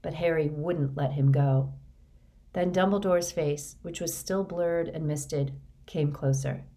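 A woman narrating an audiobook in a measured, even read. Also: low-pitched. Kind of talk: scripted narration.

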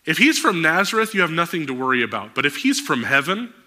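Bright-voiced preacher man. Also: fairly high pitch, fast talker. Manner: animated, rising to emphatic outbursts. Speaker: pastor. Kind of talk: sermon.

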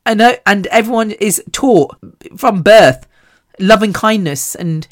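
A woman's voice: mid-range voice, measured pace. Chatty woman telling stories. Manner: chatty, animated storytelling; laughs often. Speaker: podcast host. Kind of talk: casual chat.

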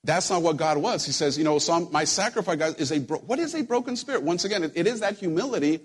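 A man preaching a sermon to his church in a relaxed, conversational way, joking with the congregation and often repeating his words. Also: on the high side, fast talker. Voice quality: husky. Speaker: pastor. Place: church sanctuary.

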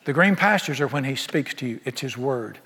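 Folksy preacher in a reverberant church. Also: male voice, medium pitch, lively intonation, fairly quick, bright, forceful tone. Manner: folksy, emphatic preaching with rhetorical questions. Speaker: pastor. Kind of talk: sermon. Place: church sanctuary. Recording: long reverb of a large hall.

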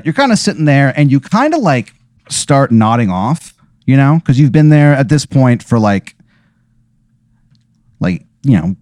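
A man's voice: mid-range voice, a little mellow, dry recording, studio quality. Rambling man spinning an improvised story. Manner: rambling with many fillers. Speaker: podcast host.

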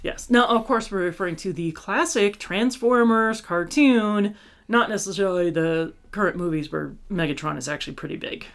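A woman's voice: medium pitch, normal speed, creaky. A woman, hosting a podcast in casual chat and laughing often. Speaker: podcast host.

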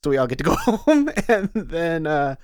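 A male podcast co-host chats casually and animatedly, laughing often. His voice is on the high side at a moderate pace, recorded clean in a studio with no room sound.

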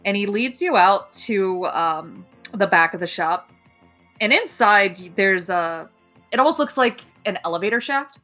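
A woman's voice: mid-range voice, lively intonation, measured pace, pushed and bright, soft background music. A young woman narrating a tabletop game as game master, casual and profane, voicing many characters.

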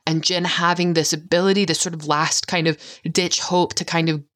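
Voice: medium pitch, steady tone, moderate pace, few pauses, a bit bright. A podcast co-host talking through a TV episode with passion, cursing and losing the thread mid-sentence. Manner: passionate, swears, wanders mid-thought. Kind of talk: casual chat, TV episode discussion.

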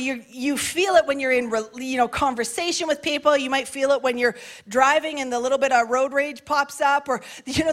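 High-voiced fervent woman preacher. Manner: fervent, building to shouted declarations; mixes scripture reading with casual asides. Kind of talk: sermon.

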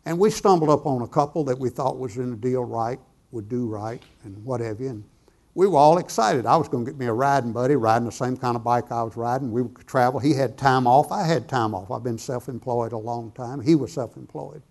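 A middle-aged man tells a sermon story. He talks in a folksy, conversational way and voices the other people in the dialogue himself. His voice sits at an ordinary middle pitch. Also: brisk, a little mellow. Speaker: preacher telling a testimony.

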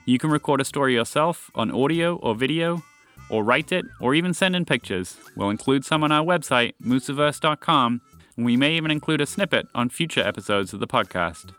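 A man hosting a story podcast, reading scripted storytelling narration in a friendly, expressive way. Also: mid-range voice, brisk, faint music behind.

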